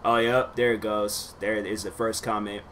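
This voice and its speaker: Bright-voiced young man rambling casually. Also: on the low side, flat delivery, normal speed, a little hiss or hum. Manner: loose, slangy, rambling with many fillers. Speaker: YouTuber reacting to his old videos.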